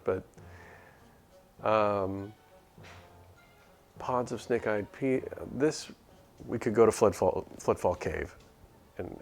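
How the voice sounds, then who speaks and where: Man, game streamer, casual commentary, muttering, gravelly voice, faint music. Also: fairly low pitch. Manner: muttering, reading quest text aloud.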